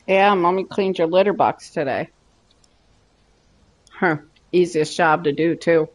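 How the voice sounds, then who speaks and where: A woman game streamer chatting casually and teasing her viewers and pets while she plays. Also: fairly low pitch. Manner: playful, teasing, drawn-out. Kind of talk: casual chat while gaming.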